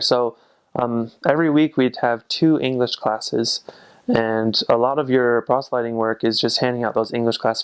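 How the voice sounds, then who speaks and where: A man's voice: medium pitch, clean tone. Chatty young man searching for words. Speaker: returned missionary. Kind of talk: casual talk to camera.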